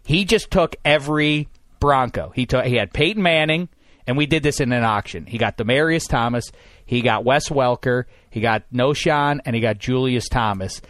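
A man hosting a casual sports podcast, animated and given to loud rants. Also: mid-range voice, moderate pace, dry recording. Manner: animated, rants loudly when worked up. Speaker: podcast host.

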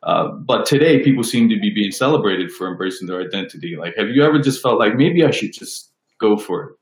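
A man's voice: on the low side, expressive, a little fast, roomy sound, rough recording. A man interviewing a guest, asking rambling, hesitant questions with many fillers.

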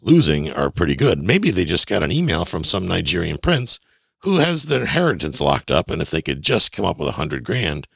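A man teaching real estate investing in a folksy, animated way, often acting out dialogue. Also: sits low, brisk, gravelly, husky, no room sound, studio quality. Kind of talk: instructional talk.

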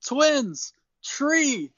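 A man voicing a tiny, excitable male leprechaun with squeaky, babbling speech. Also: extremely slow, no echo, lo-fi sound, full character voice. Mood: overjoyed.

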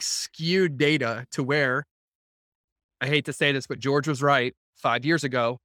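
A man hosting a podcast, talking casually to a group of entrepreneurs on a video call, animated and blunt, acting out quotes as he goes and swearing now and then. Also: mid-range voice, dry recording, studio quality. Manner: animated storytelling with acted-out quotes. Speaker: podcast host speaking to entrepreneurs.

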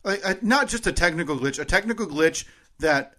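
Podcast co-host man, casual chat, slightly raised pitch, earnest. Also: animated, fairly quick, pushed and bright.

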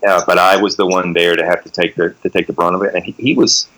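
A man in his forties, a guest in a casual interview, telling animated road stories and swearing freely. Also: low-pitched, fast, poor audio. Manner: animated storyteller, swears freely, acts out quotes.

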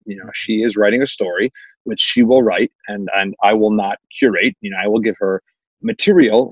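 Man, rabbi guest, measured and thoughtful, lowish voice, dull lo-fi recording. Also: husky, dry recording. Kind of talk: reflective interview answers.

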